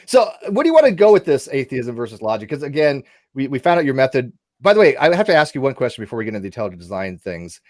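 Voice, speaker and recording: Give me a quick, animated man chatting over a video call, his voice swinging high and low, dry close sound. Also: no room sound. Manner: animated, quick, laughing, self-interrupting. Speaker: host. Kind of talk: casual online debate chat.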